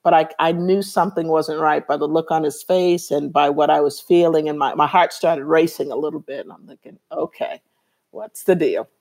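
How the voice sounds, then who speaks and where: A woman who leads a women's Bible study gives a personal testimony as an interview guest, earnestly telling her story and acting out the dialogue she quotes. Her voice is deep, steady and a little mellow, brisk with hardly any pauses.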